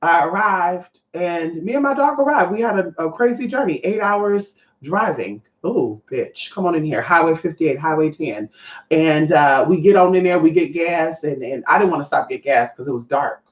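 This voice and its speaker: Animated storyteller, roomy dull recording. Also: mid-range voice, moderate pace, hardly any pauses. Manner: animated, swears often, acts out other voices. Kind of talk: casual storytelling to viewers. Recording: muffled, echoey room.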